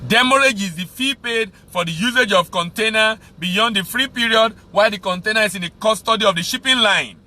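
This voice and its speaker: A man's voice: high voice, a little fast, few pauses, bright, forceful tone. Emphatic Nigerian man teaching export trade. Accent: Nigerian English. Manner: emphatic, repeats key phrases for stress. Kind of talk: teaching talk on export business.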